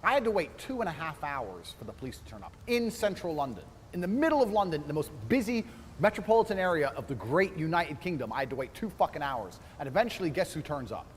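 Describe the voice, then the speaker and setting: A man rattles off an indignant anecdote, full of swearing and acted-out dialogue. His voice sits high and swings widely in pitch at a quick clip. There is a long hall-like tail on the voice and a faint hiss underneath. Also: sing-song. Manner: indignant, swearing, acts out other people's lines. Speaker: storyteller in a played clip. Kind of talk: profane animated anecdote.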